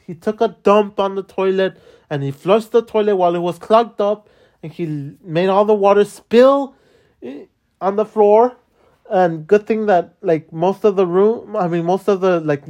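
An exasperated podcaster vents in a loose, rambling monologue, peppered with curses and restarts, at a mid-range pitch that sits neither high nor low. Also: a little mellow. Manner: profane and rambling, many restarts and fillers; exasperated complaining. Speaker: podcast host. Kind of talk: casual venting monologue.

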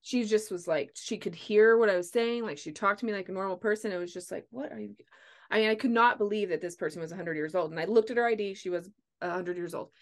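A woman in her forties tells a story in casual conversation. She is animated and expressive, and her pitch sits in the middle range for a woman. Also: fast. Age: 40s. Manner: animated storyteller, acts out quotes. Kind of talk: casual chat.

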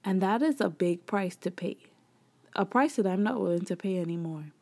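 A woman with a gravelly, fry-tinged voice talks candidly to her listeners about faith and marriage. She chats in a homey way and keeps calling them "y'all." Now and then she acts out her own past words in animated bursts. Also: medium pitch, moderate pace. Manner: chatty, addresses listeners as "y'all". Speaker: podcast host.

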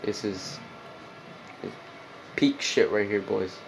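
A man rambles through a casual solo podcast, swearing freely and filling every gap with "like" and "dude". His voice sits fairly low with a gravelly fry. There is a faint hiss of noise behind him. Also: level tone, slow pace, rough recording. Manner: rambling, profane, heavy on "like" and "dude". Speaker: podcast host.

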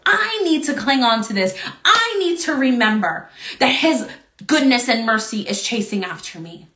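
A woman's voice: a little high, pushed and bright, reverberant. A woman teaching an online Bible study, speaking fervently like a preacher and often checking in with "right?".

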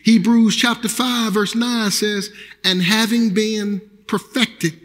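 A man preaching a sermon as pastor, energetic and earnest, repeating phrases and swinging between loud calls and quiet lows. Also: slow. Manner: repeats phrases and restarts with a casual preaching rhythm. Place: church sanctuary. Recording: long church hall reverb.

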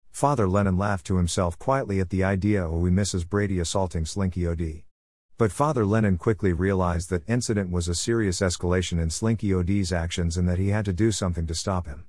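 A man with a fairly low voice reads a story aloud in a measured, even storytelling manner. The recording is close and dry, with no room sound. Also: no echo. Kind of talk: storybook narration.

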